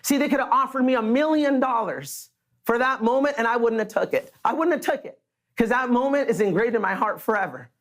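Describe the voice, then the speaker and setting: A man from the Los Angeles area giving an earnest, energetic motivational stage speech and talking straight to the crowd. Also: very high-pitched, a little fast. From Los Angeles area, USA. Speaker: motivational speaker.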